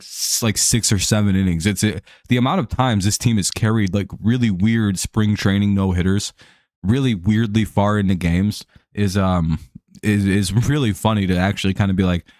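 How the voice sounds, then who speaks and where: A man's voice: fairly low pitch, fairly even intonation, moderate pace, darkish tone, no echo, studio quality. A man hosting a live stream, casually commenting on a baseball game, rambling with many fillers and restarts and frequent chuckles.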